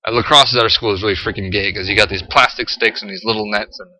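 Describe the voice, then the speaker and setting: A teenage high school boy ranting to camera, profane and exasperated, full of "like" and "freaking". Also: steady tone, fast talker, sharp tone, slight background noise, low-quality recording. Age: teens. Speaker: high school student vlogger.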